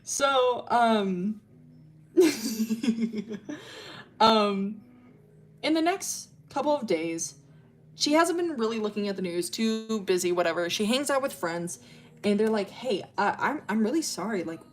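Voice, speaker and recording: A woman's voice: medium pitch, expressive, takes it slowly, long pauses. A woman streamer casually retelling a story, rambling and swearing, with lots of fillers and slang.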